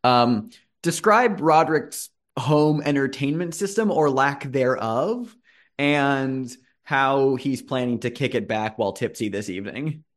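A man's voice: mid-range voice, expressive, a little slow. A man narrating and running a tabletop role-playing game in a loose, conversational way. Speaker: game master.

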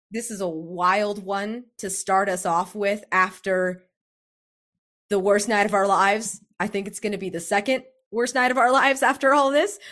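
A woman's voice: mid-range voice, a bit bright. A woman in a casual chat about a game session, effusive and full of praise. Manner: effusive and gushing. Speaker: player.

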